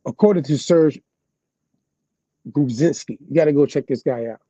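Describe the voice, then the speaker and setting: A man, reading an article aloud and commenting casually, slowly and with stumbles over words. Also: fairly high pitch, mellow, dry recording, muffled recording.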